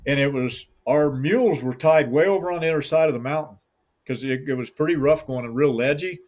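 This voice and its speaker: A man's voice: on the high side, a little fast, a little mellow. A middle-aged man who guides hunts with hounds, telling a long story in an interview in a folksy, rambling way and acting out the voices of the people in it.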